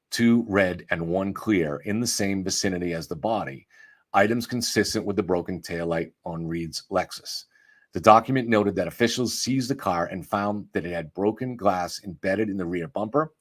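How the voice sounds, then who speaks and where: A man reading a magazine article aloud and stopping often to add his own commentary, thinking aloud as he goes. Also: deep voice. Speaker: true-crime commentator.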